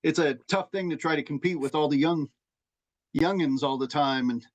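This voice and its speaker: A man's voice: fairly high pitch, normal speed. A man co-hosting a podcast in casual chat, telling stories in a rambling, profane way full of restarts. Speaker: podcast co-host.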